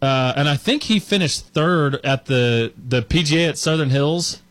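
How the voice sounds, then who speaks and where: A man co-hosting a sports radio show, telling a story in a chatty, animated way with lots of fillers. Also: on the high side, normal speed, no echo. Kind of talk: casual sports talk.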